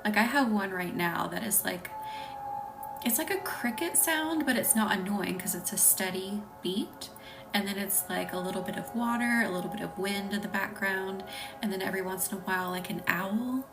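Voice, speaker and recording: A woman with a Southern US accent hosting a casual live stream, talking softly, often near a whisper, and laughing easily. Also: medium pitch, normal speed, gravelly, distant mic, music in the background. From Southern United States.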